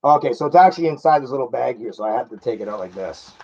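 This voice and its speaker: A man's voice: mid-range voice, animated, rapid-fire, a little mellow, breathy edge, dull audio. A man chatting casually while unboxing a collectible toy car, self-mocking and laughing at himself.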